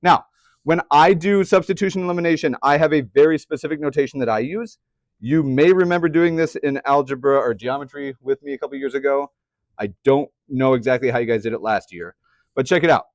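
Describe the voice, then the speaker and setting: A man's voice: mid-range voice, brisk, no room sound, clean studio sound. A young man teaching a math class, chatty, often putting questions to the students. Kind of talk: classroom lecture.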